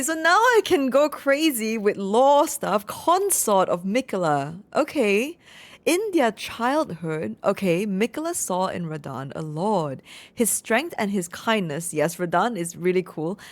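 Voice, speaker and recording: A woman talking herself through a game boss fight, swearing and exclaiming as she plays. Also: medium pitch. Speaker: gameplay streamer. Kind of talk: live gameplay commentary.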